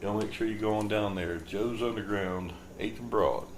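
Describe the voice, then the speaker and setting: This man's fairly low voice moves at normal speed as he hosts a podcast, drifting through a casual, joking monologue. A roomy echo and faint background noise come through in the recording.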